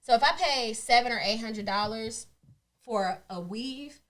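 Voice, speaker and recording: A woman's voice: fairly high pitch, measured pace, a bit bright. A woman co-hosting a podcast, chatting casually and telling blunt, profane stories with acted-out quotes. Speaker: podcast co-host. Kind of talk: casual chat.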